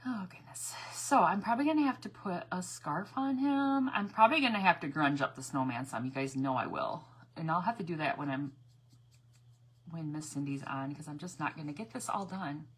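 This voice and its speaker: A woman's voice: deep voice, brisk, husky. A woman chatting casually with viewers as she paints on a craft livestream, reading their comments aloud.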